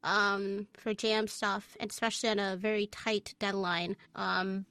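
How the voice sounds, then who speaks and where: A woman's voice: mid-range voice, flat delivery, unhurried, pushed and bright, smooth, no echo. A woman game developer talking animatedly in a casual interview, laughing often and restarting her sentences. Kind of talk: casual chat.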